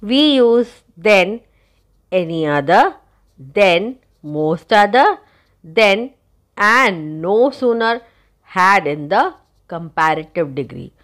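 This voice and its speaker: Woman teacher, unhurried delivery, patient explaining to students. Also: mid-range voice, big pitch swings, a bit bright. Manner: slow, careful explaining, spelling out letters. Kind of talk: recorded grammar lesson.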